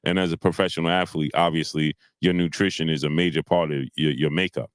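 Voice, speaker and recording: A man hosting a boxing live stream, ranting heatedly with many filler sounds and shouting out chat viewers. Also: extremely low pitch, steady tone, quick pace, clear, resonant tone, dry recording. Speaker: boxing commentary host.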